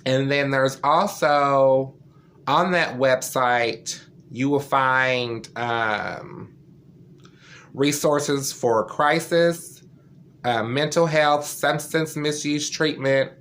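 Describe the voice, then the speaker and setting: A man's voice: mid-range voice, steady tone, very slow, a bit bright, a little hiss or hum. A man talking to camera in a vlog, earnest and candid, with a loose conversational way of speaking. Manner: loose and conversational, with many fillers. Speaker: vlogger. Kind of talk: personal story to camera.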